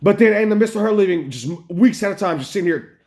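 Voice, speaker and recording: Male American vlogger, higher-pitched, upset and rambling, profane rant to camera. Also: lively intonation, fast, a little mellow. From United States. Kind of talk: emotional personal vlog rant.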